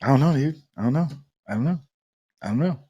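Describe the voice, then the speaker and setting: Man, joking podcast co-host, offhand banter, lively pitch, dry sound. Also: quick pace, husky, dry recording, muffled recording. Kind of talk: casual chat.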